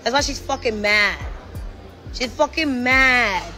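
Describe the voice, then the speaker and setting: New york woman cussing, emphatic, kinda high voice, faint music in the back. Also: animated, slow pace, sharp tone. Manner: blunt, emphatic, profane. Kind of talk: profane casual chat.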